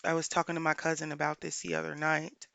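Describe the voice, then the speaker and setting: A woman life coach hosting a solo podcast, speaking earnestly and repeating her points for emphasis, pausing often to think aloud. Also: low voice, flat delivery, gravelly, a bit bright, dry recording.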